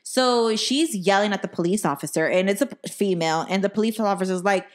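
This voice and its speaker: Woman, podcast co-host, casual storytelling, blunt, profane, average pitch. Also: fairly quick. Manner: blunt, profane, animated retelling.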